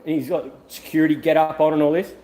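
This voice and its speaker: A man's voice: on the high side, fairly even intonation, fast, dark tone. An Australian man vlogging around a car yard, chatting to viewers in a blunt, rambling way and swearing freely. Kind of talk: casual rambling chat to viewers.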